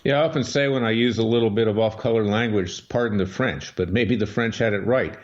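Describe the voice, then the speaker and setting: A man's voice: on the low side, brisk. A man hosting a political talk radio show and speaking as a lawyer, with an emphatic, scornful, combative delivery. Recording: dull lo-fi radio audio.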